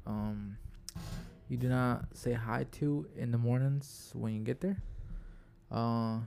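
A man's voice: mid-range voice, fairly even intonation, takes it slowly, gravelly, dark tone. A man hosting a casual podcast chat, joking around and often searching for his words. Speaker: podcast host.

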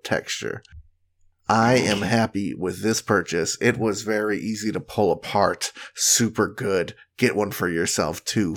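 A man co-hosting a podcast, chatting casually and reading product reviews aloud in a wry, mock-earnest way. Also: lowish voice. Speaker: podcast co-host.

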